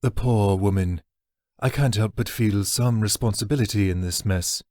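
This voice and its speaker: A man voicing a weary male orc host who talks slowly and sighs, with a low voice. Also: dark tone, no room sound, clean studio sound, natural voice. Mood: weary, regretful.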